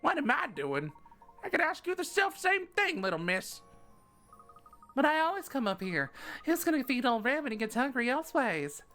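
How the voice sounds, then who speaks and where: A feisty old country grandma, played by a woman reading a game, talks in a raised, twangy, folksy voice. Her lines bounce with lively pitch over faint game music. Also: moderate pace. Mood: sassy.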